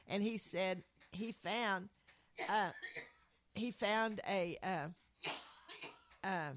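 Woman speaker, mid-pitched, earnest rambling faith storyteller. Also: extremely slow, a little hiss or hum. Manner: earnest, rambling retelling with restarts. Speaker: speaker sharing a faith testimony. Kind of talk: conversational religious storytelling.

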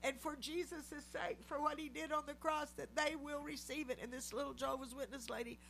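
A middle-aged woman gives a testimony sermon in a high voice. Her storytelling is animated, and she acts out the people she quotes. A faint hum sits under the recording. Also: fairly quick, vocal fry. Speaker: lay preacher.

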